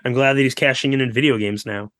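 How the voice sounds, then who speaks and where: A man's voice: medium pitch, dry recording, studio quality. A man, a guest author, telling history stories in a casual podcast interview, full of asides and fillers. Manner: storytelling, animated, quick asides and fillers.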